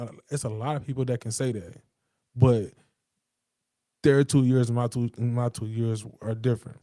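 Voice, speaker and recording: A man with a mellow, relaxed voice holds forth in a loose, streetwise monologue. He swears freely, restarts his sentences and leans hard on his emphasis. The sound is dry and close, with no room around it. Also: mid-range voice, no room sound. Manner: streetwise slang, emphatic, profane, rambling with restarts. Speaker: podcast host. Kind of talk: casual monologue.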